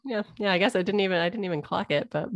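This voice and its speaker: A woman's voice: mid-range voice, racing, no room sound, highs cut off. A woman guesting on a podcast, chatting casually about a movie and laughing between thoughts.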